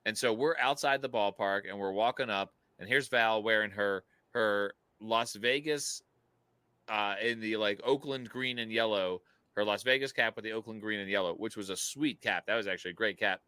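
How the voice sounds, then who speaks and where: A man hosting a podcast, telling stories in an animated way and laughing often. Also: lowish voice, moderate pace, clear, resonant tone, dry recording. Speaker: podcast host. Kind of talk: casual chat.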